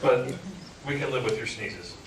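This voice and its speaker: A man's voice: mid-range voice, normal speed, over a noisy crowd. A man who hosts talk radio giving a frank, joking motivational talk to a live audience. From Upper Michigan. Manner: frank, joking, animated storyteller. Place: indoor meeting room with audience. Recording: echoey room, far from mic, noisy.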